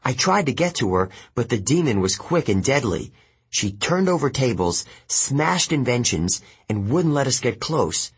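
Slow, breathy male audiobook narrator. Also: medium pitch, sing-song. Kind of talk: first-person audiobook narration.

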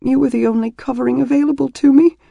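Guy doing a shy young warrior woman, hushed and shaky, pitched way up, warm dry storybook read. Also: fairly even intonation, quick pace, creaky, no room sound, highs cut off, exaggerated voice. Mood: tearful hushed. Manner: hushed, tremulous.

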